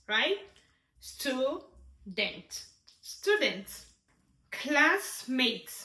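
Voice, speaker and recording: A young woman leads a beginner sign language lesson in a high, bright voice. She talks slowly and carefully and repeats each word before walking through the handshape. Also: reverberant.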